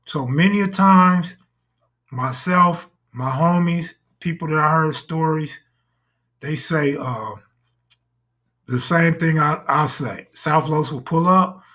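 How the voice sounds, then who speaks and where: Bright-voiced man hosting a live stream. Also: fairly high pitch, slow. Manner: crude, boastful, joking banter. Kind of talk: casual live-stream talk.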